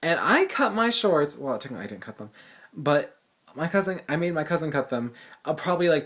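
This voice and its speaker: A teenage boy telling a story as a casual rant, exasperated and profane. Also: a little high. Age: teens. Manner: exasperated, profane, lively retelling. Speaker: vlogger, high school student.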